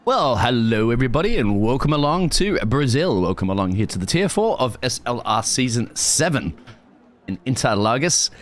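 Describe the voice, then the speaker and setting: A man's voice: mid-range voice, sing-song, normal speed. A man hosting and commentating a sim racing league race, chatty and jokey. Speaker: lead commentator.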